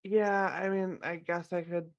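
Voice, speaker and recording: Slow, hesitant tabletop player on a dull lo-fi call line. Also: medium pitch, level tone, gravelly. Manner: hesitant, distracted. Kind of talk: tabletop game play over a call.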